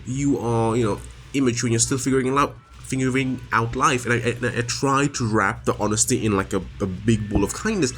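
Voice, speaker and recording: A man's voice: medium pitch, fairly even intonation, a little fast, a bit bright. A man talking straight to camera in a personal confessional monologue. He is emotionally raw and frustrated, and his speech halts with many restarts and fillers. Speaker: vlogger.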